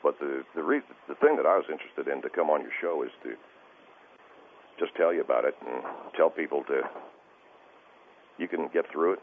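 Very deep-voiced man calling in by phone. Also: expressive. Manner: halting, stammering and distressed. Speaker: caller. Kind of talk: call-in radio conversation. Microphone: telephone. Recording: tinny phone line with faint hiss.

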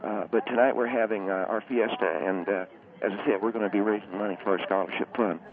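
A man calling in as a reverend, talking earnestly and haltingly with many hesitations. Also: lowish voice, steady tone, a crowd in the background. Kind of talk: call-in chat. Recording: tinny phone line.

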